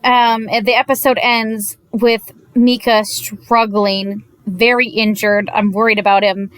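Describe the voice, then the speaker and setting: A woman giving a casual, animated recap of an anime episode, gushing and exasperated by turns, slipping into quick quoted voices of the characters. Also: mid-range voice, clear, resonant tone, dry recording. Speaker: anime reviewer.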